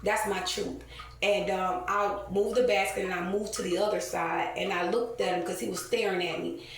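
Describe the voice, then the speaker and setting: A woman's voice: mid-range voice, steady tone, normal speed. Echoey, distant angry woman ranting. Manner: heated, profane storytelling with many fillers. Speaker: vlogger. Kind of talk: casual rant to camera. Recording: very echoey, distant, faint ambient noise.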